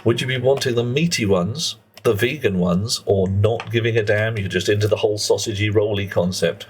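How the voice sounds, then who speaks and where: A man's voice: on the low side, brisk, a little hiss or hum. A British man streaming live, chatting casually with viewers in a cheeky, rambling way that slips into mock rants.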